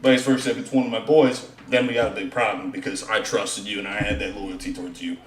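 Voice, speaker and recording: A man's voice: on the low side, steady tone, fast. A man in casual chat, talking bluntly and emphatically with plenty of swearing. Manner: blunt, swearing, emphatic about loyalty talk. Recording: echoey room.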